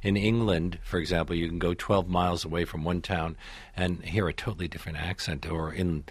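A man hosting an interview, asking measured, inquisitive questions. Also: low voice, steady tone, husky, no room sound. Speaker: interviewer, radio host.

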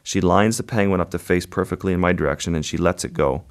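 Deep-voiced man telling a vivid story. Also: fast talker. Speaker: wildlife photographer guest. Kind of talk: interview storytelling.

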